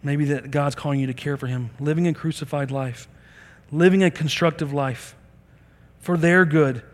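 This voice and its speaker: A man's voice: fairly high pitch, steady tone, normal speed, in a large hall. A middle-aged man preaching a sermon as a pastor, earnest and conversational, acting out bits of dialogue.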